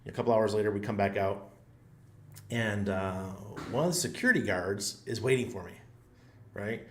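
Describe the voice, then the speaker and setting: A man's voice: lowish voice, moderate pace, a little hiss or hum. A man hosting his own channel, rambling through a funny story in a casual, self-mocking way with frequent laughs. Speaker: channel host. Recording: roomy echo.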